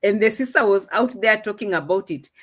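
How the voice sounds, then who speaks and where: A woman with a Swahili accent chats casually while reacting to a video, speaking a little fast in a medium-pitched, fairly bright voice. As a reaction commentator, she teases, repeats phrases, and laughs often.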